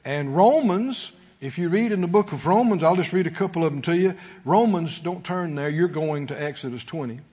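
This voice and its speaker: A man preaching a sermon to a congregation in a call-and-response style, sometimes rising to shouts. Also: a little high, animated, normal speed, hardly any pauses, husky, muffled recording. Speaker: pastor.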